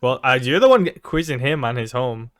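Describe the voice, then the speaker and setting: A man narrating as game master in a tabletop game, talking in a halting way with frequent restarts. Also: mid-range voice, big pitch swings, fairly bright tone, no echo, studio quality.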